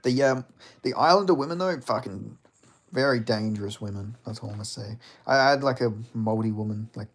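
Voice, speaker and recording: A man's voice: lowish voice, fairly quick. A young man chatting casually on a livestream, rambling and reading out comments, with lots of fillers and swearing. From Australia. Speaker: streamer.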